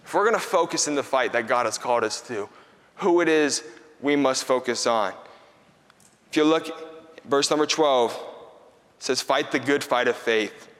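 A young man preaching a sermon in a conversational, energetic way, acting out his own stories for the room. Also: medium pitch, normal speed, pauses often. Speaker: pastor. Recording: long hall reverb.

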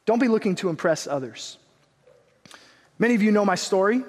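High-voiced young preacher in a reverberant hall. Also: male voice. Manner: earnest, animated storytelling with quick asides. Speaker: pastor. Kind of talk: sermon with personal story.

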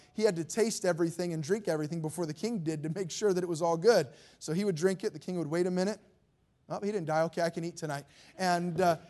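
A man's voice: high-pitched, a little mellow. A man preaching a sermon, reading scripture aloud in its old formal wording and then explaining it in plain, conversational words.

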